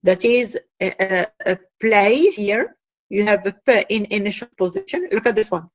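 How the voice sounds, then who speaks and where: A woman's voice: medium pitch, expressive, moderate pace. A woman teaching linguistics in a classroom lecture, explaining step by step with frequent fillers and repeated phrases.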